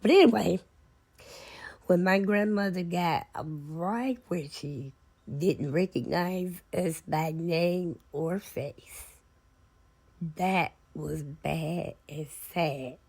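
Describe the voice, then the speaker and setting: Slow, husky woman telling stories. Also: lowish voice, darkish tone. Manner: heartfelt, folksy, unhurried storytelling. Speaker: vlogger and author. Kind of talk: casual storytelling to camera.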